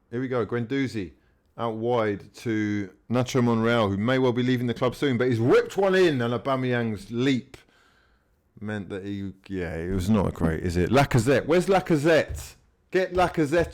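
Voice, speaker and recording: A man giving live fan commentary while watching a match, swinging between mutters, swearing and shouts at the players. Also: mid-range voice. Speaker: fan channel host.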